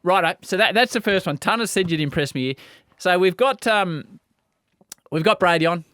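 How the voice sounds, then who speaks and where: An Australian man hosting a podcast, throwing in jokey quips and quick reactions in casual chat. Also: high voice, animated, bright, forceful tone, dry recording, clean studio sound. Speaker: podcast host.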